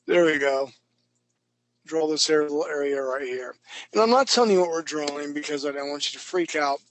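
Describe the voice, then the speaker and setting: A man's voice: a little high, fairly quick, dry recording, poor audio. A man teaching a live online drawing class, chatty and self-mocking as he talks through each stroke. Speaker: drawing instructor.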